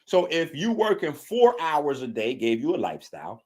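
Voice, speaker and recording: A man's voice: fairly high pitch, huge pitch swings, normal speed, a little mellow, breathy edge. A man hosting a show, giving a mocking, preachy commentary on a clip he has just played. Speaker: show host.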